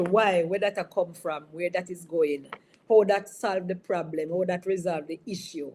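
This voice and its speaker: During an online service broadcast, a woman bishop speaks at a moderate pace in a lowish, slightly mellow voice with fairly even intonation, over slight background noise. Her informal sermon is on marriage, and she chats with the audience, teasing people by name and often asking if they understand.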